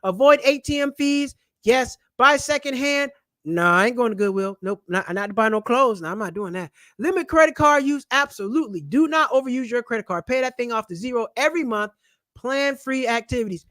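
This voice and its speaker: A man hosting a casual money-saving vlog, loud, animated and slangy, joking his way through a list of tips while seated at home. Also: very high-pitched, a little fast, no echo, studio quality. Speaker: channel host and comedian. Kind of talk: casual personal finance vlog rant. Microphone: camera mic.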